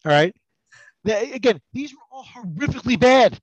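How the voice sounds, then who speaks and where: A man's voice: extremely high pitch, lively intonation, normal speed, no echo, poor audio. A middle-aged man chatting as a podcast guest, rambling and self-mocking, with many restarts. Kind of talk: casual podcast banter.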